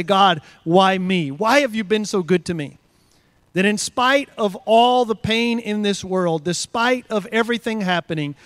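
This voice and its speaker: A man with a fairly high voice preaching a measured, earnest sermon. He works through scripture with repeated rhetorical questions. The sound is close and dry, with no room echo. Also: a bit bright. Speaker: guest preacher. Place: church service.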